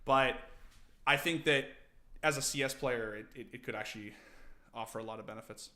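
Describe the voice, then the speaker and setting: A young man casually streaming, teaching game tactics to his chat, animated and profane. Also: mid-range voice, brisk. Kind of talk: casual livestream commentary.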